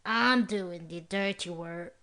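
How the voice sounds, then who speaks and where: Casting: woman voicing a sneering, slow-talking young tough demanding money. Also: on the low side, bright, forceful tone, heavily acted. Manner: snarling, sneering. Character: snarling rough young male handyman.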